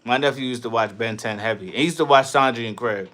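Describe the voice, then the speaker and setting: A man hosting a casual livestream, reading chat and riffing loudly with profane jokes, from New York. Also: mid-range voice, fast talker. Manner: loud, profane, laughing riffs.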